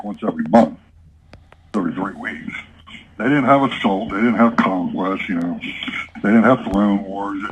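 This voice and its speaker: Male gamer, lower voice, faint background noise, frank rambling chat. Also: low-quality recording. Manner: frank, rambling, repeats himself. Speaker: longtime player on a gaming stream. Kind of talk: casual chat.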